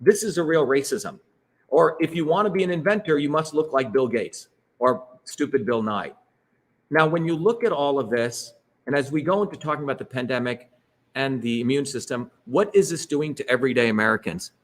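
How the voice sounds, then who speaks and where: A man's voice: mid-range voice, expressive, brisk. A middle-aged man giving an emphatic, rhetorical public talk with slides, often checking in with "okay?" and "right?". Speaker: speaker leading a political talk.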